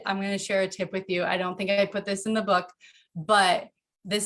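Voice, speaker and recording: Woman, earnest casual interview talk, animated, laughs easily, middle pitch, at home. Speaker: podcast guest, author.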